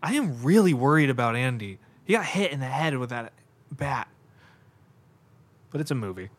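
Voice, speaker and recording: At normal speed and medium pitch, a man hosting a podcast reacts aloud to a horror film in real time, loose and unscripted. Excitable throughout, he swears, gasps and laughs often, peppering his talk with "like" and "God."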